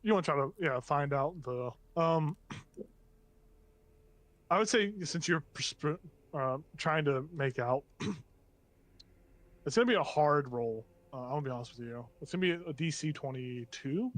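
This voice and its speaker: A man runs a tabletop game as its game master, describing scenes in a loose, joking way. His voice sits a little high for a man. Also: a little slow, pauses often, a bit bright, no echo.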